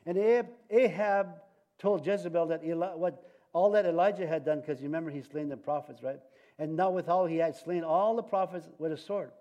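A male preacher giving a sermon, halting and restarting often, with light jokes. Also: fairly high pitch, dark tone.

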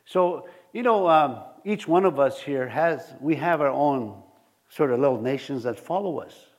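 A male pastor preaching to his congregation, his voice pitched a bit high and swinging widely up and down. He tells homely stories, chuckles often and keeps asking the room questions. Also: lively intonation, a little slow. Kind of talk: sermon with personal stories.

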